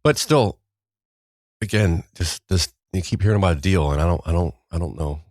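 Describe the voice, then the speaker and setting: A man's voice: low-pitched, normal speed, a little mellow, no room sound, clean studio sound. A man hosting a casual news podcast, rambling and wry, often trailing off mid-sentence. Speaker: podcast host.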